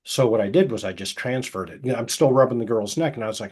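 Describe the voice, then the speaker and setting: A middle-aged man who works as a hypnotist, telling anecdotes casually and acting out the quoted dialogue, with a soft, slow voice for the hypnotic suggestions. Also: fairly low pitch, husky. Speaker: hypnotist guest. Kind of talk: casual storytelling interview.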